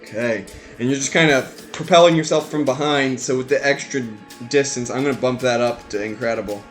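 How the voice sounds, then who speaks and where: A man narrating as game master in a tabletop game, animated and stumbling over his words. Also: mid-range voice, a little fast, faint music behind. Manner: animated narration with many fillers and restarts.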